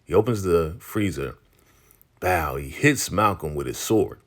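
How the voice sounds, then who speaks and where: A man recapping a TV episode in a casual, animated way. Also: low voice, moderate pace. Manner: animated, playacting characters. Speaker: show recapper.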